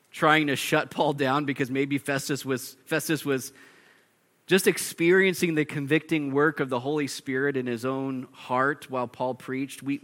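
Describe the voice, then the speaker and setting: A man preaching a sermon, animated, acting out shouting characters and laughing often. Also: mid-range voice. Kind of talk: expository sermon.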